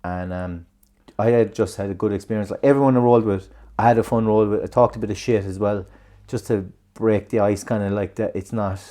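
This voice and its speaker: Low, mellow Irish man rambling. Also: steady tone, brisk. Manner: rambling storytelling with frequent swearing and laughter. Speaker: podcast co-host. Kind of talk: casual chat.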